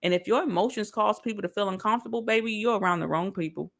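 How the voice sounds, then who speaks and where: A woman giving a casual motivational talk on self-love straight to her viewers, lively and preachy. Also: medium pitch, quick pace, vocal fry. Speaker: motivational speaker.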